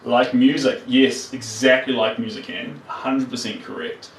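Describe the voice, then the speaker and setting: A man's voice: mid-range voice, steady tone, moderate pace, reverberant, recorded from a distance, a little hiss or hum, rough recording. Chatty Kiwi man painting live. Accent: New Zealand. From New Zealand. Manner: chatty, playful, talks to viewers while working. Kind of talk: live-stream chat while painting.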